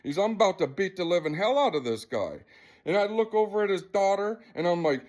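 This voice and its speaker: A man's voice: high voice, expressive, moderate pace. A man vlogging to camera, retelling an incident in a rambling, agitated and profane way. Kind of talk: casual storytelling to camera.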